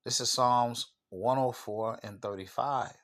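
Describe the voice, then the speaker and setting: A man's voice: mid-range voice, unhurried, a bit bright. A man hosting his own channel, preaching an informal sermon and reading scripture, emphatic and stopping often to say "all right" and "okay".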